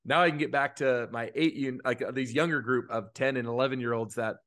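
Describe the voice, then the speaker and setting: A youth baseball coach talks in a heartfelt, earnest way, his feelings close to the surface. His voice sits at an ordinary middle pitch for a man, and his sentences run on with fillers and restarts. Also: steady tone, a little fast, fairly bright tone. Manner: earnest and openly emotional, many fillers. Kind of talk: casual podcast chat.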